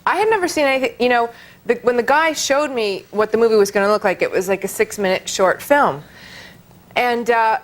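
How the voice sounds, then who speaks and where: A woman's voice: a little high, fairly quick. Woman, talk show guest, casual, giggly, easygoing chat. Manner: casual, giggly, laughing easily. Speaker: guest, actress. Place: TV studio with live audience.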